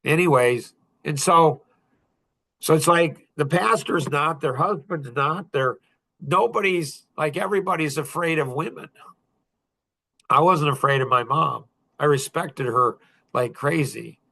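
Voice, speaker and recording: A man's voice: fairly high pitch, measured pace, gravelly, bright, forceful tone. A man in his sixties hosting a podcast, talking casually in a blunt, emphatic, preachy way. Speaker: podcast host.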